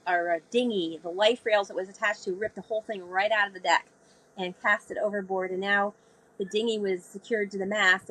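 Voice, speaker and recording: A woman's voice: medium pitch, poor audio. A woman guest in an interview, telling a vivid story and acting out the voices she quotes. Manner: animated storyteller, acts out quoted speech. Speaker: guest, sailor.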